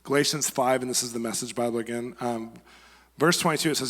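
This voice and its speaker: A man giving a conversational sermon, telling stories and acting out quotes in a lively way. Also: mid-range voice, fast talker. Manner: conversational, animated storytelling with acted quotes. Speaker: guest preacher. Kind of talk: sermon with storytelling. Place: church sanctuary. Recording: long reverb of a church hall.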